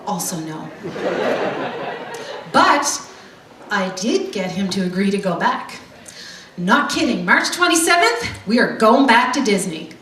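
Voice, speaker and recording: A woman's voice: medium pitch, fairly bright tone. A middle-aged woman telling a stand-up comedy story in a brash, swearing, punchy way, with audience laughter behind her. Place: comedy club stage. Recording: roomy hall mic from far off, noisy.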